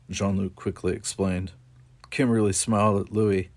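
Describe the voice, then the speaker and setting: Low-voiced man reading a novel aloud. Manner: steady, measured narration. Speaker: audiobook reader.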